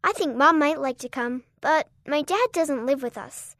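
A woman's voice: high-pitched, moderate pace, a bit bright, dry recording, clean studio sound. A woman voicing a sweet, earnest young girl in a children's story. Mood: wistful.

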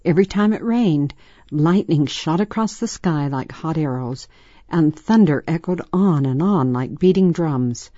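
A woman reading a children's story aloud in a measured, soft storytelling manner. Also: deep voice, lively intonation, no room sound, lo-fi sound. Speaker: narrator.

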